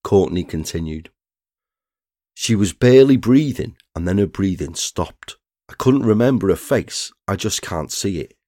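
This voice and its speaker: A man, narrating a true crime story in a measured scripted read. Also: low-pitched, expressive, dark tone, no room sound, studio quality. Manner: measured, reads statements aloud plainly.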